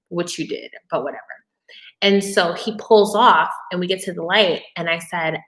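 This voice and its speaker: Lower-voiced woman telling a personal story. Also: expressive, moderate pace, bright, forceful tone, echoey room. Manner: candid, emotional personal storytelling; conversational, with frequent fillers and restarts. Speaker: live-stream host. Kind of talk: casual live-stream Q&A.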